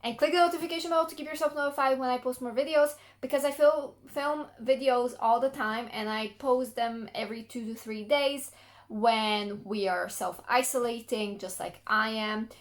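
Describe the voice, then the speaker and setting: Animated young woman ranting on a vlog. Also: on the high side, moderate pace. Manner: animated, laughs and smiles while complaining. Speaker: book vlogger. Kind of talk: casual vlog rant.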